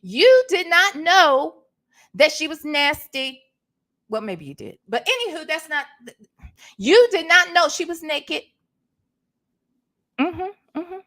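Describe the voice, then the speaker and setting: A woman runs a gossip commentary stream. Her voice sits high and jumps around a lot. She is animated, repeats herself and answers her live chat as she goes. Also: slow, long pauses. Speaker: commentary vlogger.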